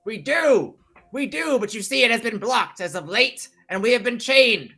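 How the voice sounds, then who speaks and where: A man voicing a gruff, buff older male dwarf who shouts in alarm and blusters. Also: very high-pitched, animated, normal speed, pitched above the performer's own voice, full character voice. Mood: explaining. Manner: bellowing, blustery.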